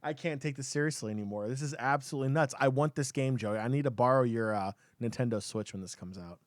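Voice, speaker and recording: A man co-hosting a gaming podcast, talking in an excitable, rambling way with many fillers and restarts. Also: mid-range voice, quick pace, no echo, studio quality. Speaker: podcast co-host. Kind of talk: casual chat.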